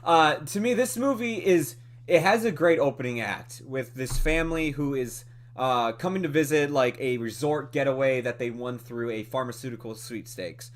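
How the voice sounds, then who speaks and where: A man co-hosting a movie podcast, talking through a film review in a casual, animated way with lots of fillers and laughs. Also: mid-range voice, moderate pace. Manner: animated, chatty, many fillers, laughs often.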